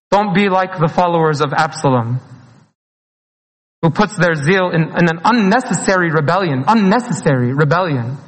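A man preaches, his voice sitting high. He speaks earnestly and pleadingly, slipping in phrases and short laughs. The sound carries a long reverb, as if in a church hall. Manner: earnest, pleading, mixes in Arabic phrases, laughs between lines. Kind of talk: sermon.

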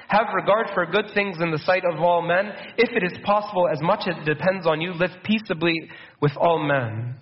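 Male preacher, conversational sermon, slightly raised pitch, dull lo-fi recording. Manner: conversational preaching, slows for quotes, mixes in Arabic words. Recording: dull muffled sound.

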